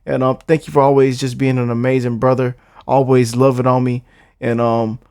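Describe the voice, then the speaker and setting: Young american guy doing a reaction vid, gravelly voice, joking around and acting scared. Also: mid-range voice, flat delivery, brisk, darkish tone, no echo, studio quality. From United States. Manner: playful, laughing, repeats himself, mock-scared. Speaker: reaction video host. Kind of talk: casual reaction commentary.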